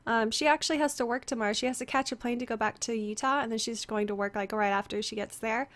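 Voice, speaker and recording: A young woman speaks quickly, with a fairly high pitch, fairly even intonation, and a fairly bright tone, as she streams a game and chats casually with viewers on a headset. She calls out greetings to people by name, full of fillers, her voice strained from screaming the day before.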